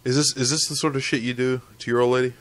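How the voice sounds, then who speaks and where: A man's voice: mid-range voice, little pitch movement, fast, heavy background noise. A man with a mid-range voice hosts a podcast in loose, joking banter. He laughs easily and swears without a second thought. His tone stays easygoing and conversational. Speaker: podcast host.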